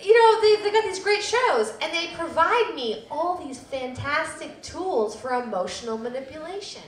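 A woman's voice: sits high, lively intonation, normal speed, echoey room. A woman in her thirties telling a personal story live at a public storytelling event, self-deprecating with laughing asides.

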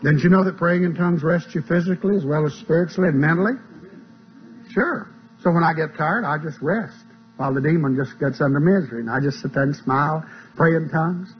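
Folksy preacher on an old tape. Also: male voice, a little high, a little fast. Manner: folksy, plain-spoken teaching. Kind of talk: sermon. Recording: dull lo-fi tape with mains hum.

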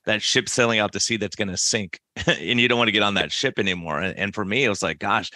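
Low-voiced host, middle-aged, crisp and forceful tone, dry close sound. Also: male voice, fast, dry recording. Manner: storytelling, animated, many restarts. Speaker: podcast host, doctor. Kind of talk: casual interview chat.

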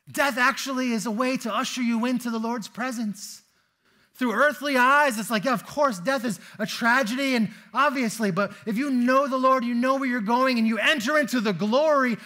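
A man delivers a sermon in a church in a relaxed, conversational style. His voice sits very high and sounds bright and forceful, and he keeps slipping into stories and casual fillers. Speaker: pastor. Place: church sanctuary.

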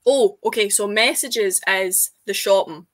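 A woman's voice: medium pitch, measured pace, no echo. A young Scottish woman in casual chat, eagerly explaining words on a video call. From Scotland. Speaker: guest.

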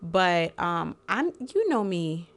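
Woman co-host, casual chat, candid and emotionally open, gravelly edge. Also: lowish voice, big pitch swings, takes it slowly. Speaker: podcast co-host.

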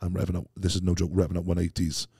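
A very low-pitched man talks quickly in a casual interview, with a dark, mellow tone. He rambles through lively stories and keeps calling the host "mate." His voice is recorded close and dry. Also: slightly rough, no echo. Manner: rambling, animated storytelling peppered with "mate". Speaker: podcast guest, strongman athlete.

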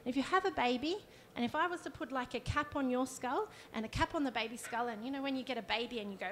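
A woman's voice: high-pitched, fast talker, slight background noise. A woman, a counsellor giving a conversational workshop talk and demonstrating as she explains. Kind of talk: live presentation to an audience.

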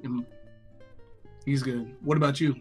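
A man's voice: mid-range voice, steady tone, measured pace, a little mellow, slightly rough, soft background music. A young man contestant on a dating stream, talking in a laid-back, rambling, slangy way. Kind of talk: casual chat.

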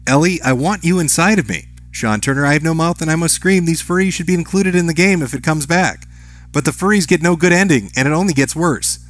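Speaking fairly quickly in a slightly bright, higher voice, a man reads viewer comments on a live stream, and the recording is dry. He reads the names and messages aloud and answers with short, offhand lines.

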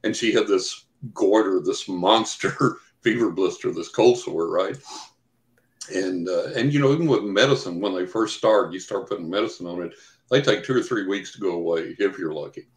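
A man's voice: low voice, moderate pace. An older man telling long anecdotes in an interview, full of fillers and acted-out quotes. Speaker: guest, psychic investigator. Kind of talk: storytelling in an interview. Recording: echoey room.

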